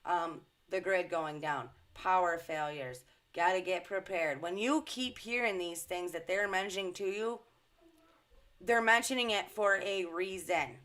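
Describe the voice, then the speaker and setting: A woman's voice: fairly low pitch, a little slow, a bit bright. A woman giving an indignant, emphatic commentary to her followers, swearing freely. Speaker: social media commentator. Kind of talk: casual ranting commentary.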